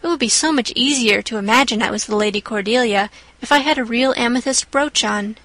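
A woman's voice: on the high side, brisk, a bit bright, no echo, poor audio. Woman voicing a dramatic, imaginative young girl. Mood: confessing. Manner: breathless, pleading then earnest.

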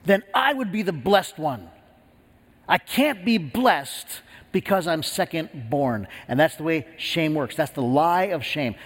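Male preacher, fairly high voice, earnest storyteller, long reverb of a hall. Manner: earnest, storytelling, frequent restarts. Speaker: pastor. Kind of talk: sermon.

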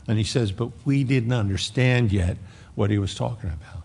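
A pastor with a gravelly voice preaches in a relaxed, conversational way. He slips into quick character voices for the people in his stories. His voice rings out with a long reverb, as though he is speaking in a large sanctuary. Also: on the low side. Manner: conversational, acts out quoted voices. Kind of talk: sermon.

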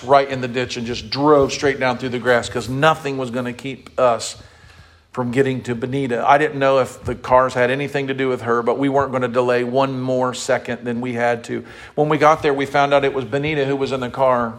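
A man preaching an emotional sermon, slowly reading scripture aloud and leading the congregation in call-and-response. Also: mid-range voice. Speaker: pastor.

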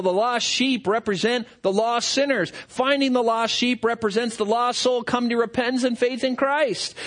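A man delivers a sermon with a fairly high voice. He is animated and swings his delivery up and down as he acts out what people say. It sounds like a preacher working through a passage for his congregation.

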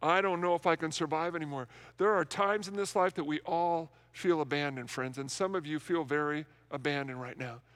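A man's voice: fairly high pitch, a little fast, hardly any pauses, fairly bright tone, clear, resonant tone. A male pastor preaching an Easter sermon in a large, empty worship center, earnest and repeating words for emphasis.

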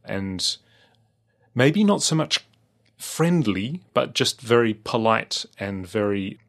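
A man's voice: lowish voice, animated, slow pace, creaky. A man with an Australian accent, chatting casually as a podcast co-host, rambling with lots of fillers and restarts. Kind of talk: casual chat.

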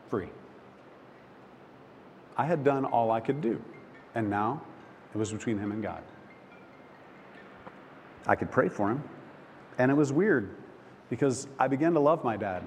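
A man preaching a sermon, telling a personal story with emotion, halting and restarting often. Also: mid-range voice. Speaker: pastor. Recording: long hall reverb, faint background noise.

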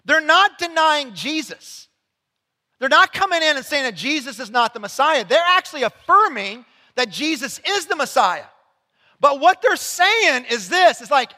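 A man preaching in a high, bright voice that cuts through the space. He talks conversationally, sliding from quiet asides into loud, emphatic lines. The sound rings out with a long reverb from the church hall around him. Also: very animated, normal speed. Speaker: pastor. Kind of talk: sermon. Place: church sanctuary.

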